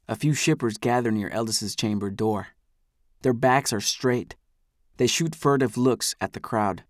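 A man reading first-person scripted narration for an audiobook in a measured, even manner. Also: mid-range voice, no echo, studio quality.

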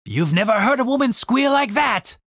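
A man's voice: very high-pitched, lively intonation, normal speed, a bit bright, no room sound, voice pushed up, heavily acted. Brief: curt, sly half-elf rogue in an audiobook, read by a man, dry close sound. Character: cocky ruthless male half-elf fighter.

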